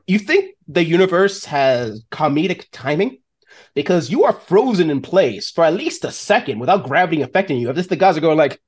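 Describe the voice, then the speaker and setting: Man narrating as a lively game master. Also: on the high side, breathy edge. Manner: animated and descriptive, with many fillers.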